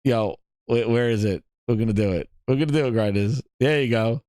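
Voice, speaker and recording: A man hosting a live gaming stream, reacting with loud laughter, swearing and repeating himself. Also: mid-range voice, fairly quick, no echo, clean studio sound. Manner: excitable, laughing, profane, repetitive.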